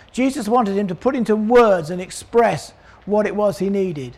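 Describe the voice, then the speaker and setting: An older man preaching a sermon, animated, acting out the voices of people in the story. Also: high voice, moderate pace, few pauses. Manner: animated, acts out voices of crowd and characters.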